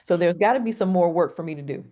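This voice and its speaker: A woman's voice: lowish voice, fast, dark tone. A middle-aged woman, a counselor, speaking as a podcast guest in an earnest, heartfelt way. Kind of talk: conversational interview.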